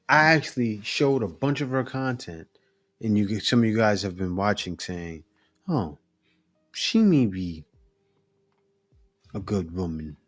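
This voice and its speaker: A man's voice: fairly low pitch, fairly bright tone. A man hosting a reaction video, giving blunt, emphatic commentary with chuckles.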